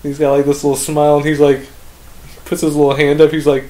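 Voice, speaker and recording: A man's voice: on the high side, completely flat delivery, quick pace, mellow. A young man co-hosting a podcast, telling a travel story in casual chat, full of "like", swearing and laughter. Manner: rambling storyteller, heavy "like" filler, swears, laughs often. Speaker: podcast co-host.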